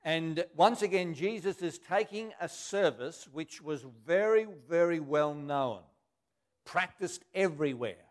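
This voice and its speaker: A man with a fairly high voice preaching a sermon. He reads scripture aloud, then stops to explain it in plain, everyday words. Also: expressive, measured pace.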